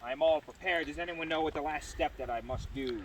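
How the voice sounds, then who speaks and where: A man's voice: on the high side, brisk, recorded from a distance, heavy background noise. A man instructing a group outdoors on spar pole climbing technique, projecting his voice while he climbs. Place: outdoor yard.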